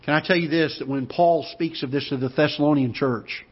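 A man in his fifties with a Midwestern American accent, preaching a sermon and telling a personal story in an earnest way, with pauses and restarts. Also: a little high, fairly even intonation, breathy edge. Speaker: pastor. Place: church auditorium. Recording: muffled church broadcast audio.

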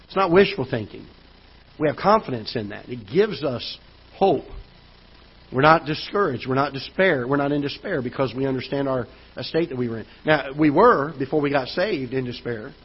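A male pastor from the United States with a Midwestern accent preaches in a church auditorium, recounting a personal story full of restarts and repeated words. His mid-range voice is animated, slightly rough, and at normal speed, captured in dull, lo-fi church broadcast audio.

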